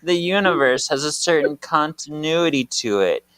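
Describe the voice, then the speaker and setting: A man's voice: fairly high pitch, expressive, normal speed, a bit bright, clear, resonant tone, dry recording. A man reading the lines of a menacing, arrogant female witch villain from a comic, taunting and self-assured. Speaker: podcast co-host reading comic aloud.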